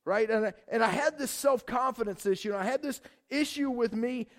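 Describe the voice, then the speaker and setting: A man preaching a sermon as pastor, animated, often repeating and restarting his words. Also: very high-pitched, fairly quick.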